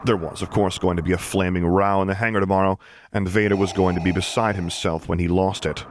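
A man narrating a story with a wry, measured delivery. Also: deep voice, steady tone, slight background noise. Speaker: audiobook narrator. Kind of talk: fan fiction narration.

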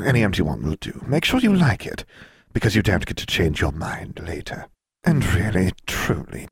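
A man's voice: sits low, gravelly, husky, dry recording, studio quality, heavily acted. A man doing a languid serpent-woman warden. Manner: languid, mocking. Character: sly serpent-tailed female prison warden.

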